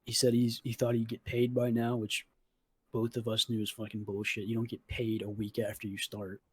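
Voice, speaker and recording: A man's voice: on the low side, completely flat delivery, moderate pace, a little hiss or hum. A man in his twenties, a podcast host, casually retelling a falling-out with a friend, swearing freely and acting out the texts and phone calls. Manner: profane, retells arguments with quoted dialogue. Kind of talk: casual storytelling chat.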